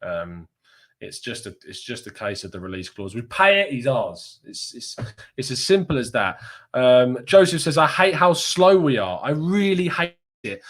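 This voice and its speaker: A man's voice: medium pitch, very animated, moderate pace, fairly bright tone. Chatty young Englishman from Kent. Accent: southeast English. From Kent, England. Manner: chatty, laughs often, reads comments aloud. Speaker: fan channel host reading live chat. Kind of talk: casual live-stream chat.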